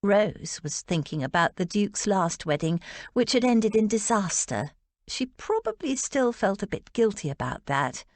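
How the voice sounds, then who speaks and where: A woman reads a historical romance audiobook slowly and deliberately. Her pitch rises and falls freely as she narrates, and the sound is close and dry. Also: sing-song, dry recording.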